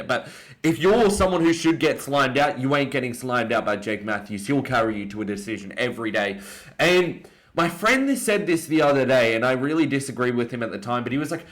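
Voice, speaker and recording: A young Australian man giving an opinionated, excitable casual breakdown of fights, often jumping up in pitch for emphasis. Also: brisk. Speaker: MMA commentator.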